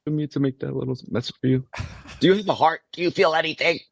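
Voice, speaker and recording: A man bantering on a livestream in an animated, self-mocking, jokey way. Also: on the high side, fast talker, creaky, no echo, highs cut off. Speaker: streamer on a livestream.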